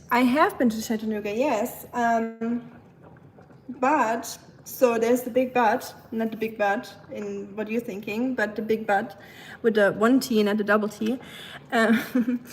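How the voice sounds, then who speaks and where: Woman with a German accent, rambling and friendly streamer chat, slightly high pitch. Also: rough recording. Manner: chatty and rambling, with frequent "um" pauses and light laughs; switches between English and German. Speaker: livestream host. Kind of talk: casual livestream chat, reading chat comments.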